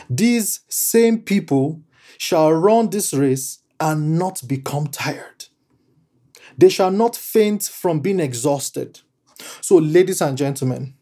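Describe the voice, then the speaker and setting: A man preaching a sermon in a slow, deliberate way, leaning on repeated phrases for emphasis. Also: fairly high pitch, mellow.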